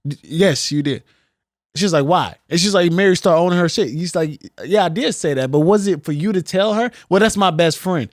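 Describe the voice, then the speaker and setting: Animated young man, slightly high voice. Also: fairly quick, no echo, studio quality. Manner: animated, swearing, mimics people. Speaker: podcast co-host. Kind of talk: casual chat.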